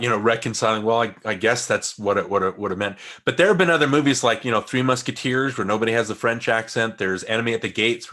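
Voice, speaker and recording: A man co-hosting a relaxed film discussion podcast. He talks in loose, wandering sentences, often restarting mid-thought and trailing off into asides. His voice sits at an ordinary middle pitch. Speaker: podcast co-host.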